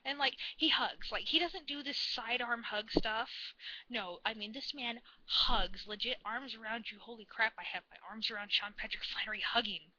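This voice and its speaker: Excitable fan girl rambling thru a vlog story, really bright voice, kinda muffled lo-fi sound. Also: on the high side, normal speed, slight background noise. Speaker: vlogger.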